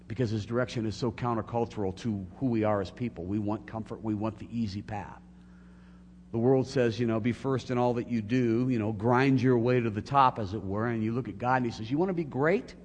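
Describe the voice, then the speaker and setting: A man's voice: on the low side, steady tone, moderate pace, darkish tone. A middle-aged man preaching a sermon as a pastor, earnest and building to emphatic peaks. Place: church sanctuary. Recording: long hall reverb, faint hum.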